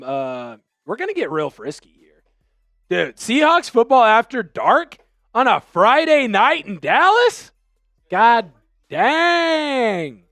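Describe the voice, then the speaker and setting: A young man from Vancouver, Washington, hosts a rowdy live sports fan stream and yells when his team scores. His voice sits high, and it is recorded close and dry with almost no room sound. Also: no room sound. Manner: rowdy, yelling, fast fan banter.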